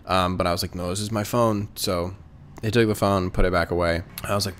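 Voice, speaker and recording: A man's voice: low-pitched, fairly even intonation, fairly quick, a little hiss or hum. A young man telling a story casually, rambling with lots of fillers and swearing. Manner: rambling, filler-heavy, profane. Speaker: vlogger.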